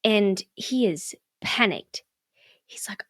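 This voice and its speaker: A woman's voice: on the high side, expressive, measured pace, a bit bright, dry recording, clean studio sound. A woman, co-hosting a podcast and telling a story in casual chat, acting out quotes and swearing freely. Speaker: podcast co-host.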